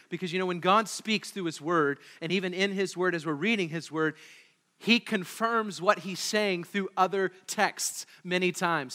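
A male pastor giving an animated, conversational sermon in a church, asking his congregation questions as he goes. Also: high-pitched. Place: church sanctuary. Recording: echoey hall.

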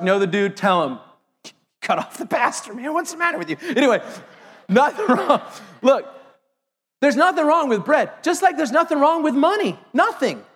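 High-voiced pastor preaching in a reverberant hall. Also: male voice. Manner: animated, joking asides to the congregation. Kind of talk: sermon. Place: church sanctuary.

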